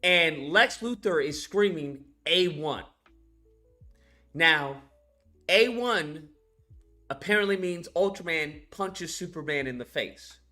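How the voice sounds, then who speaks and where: Taking it slowly over soft background music, a film reviewer with a slightly high voice walks through a movie scene by scene in a casual way. He is profane and animated, acting out the characters as he goes.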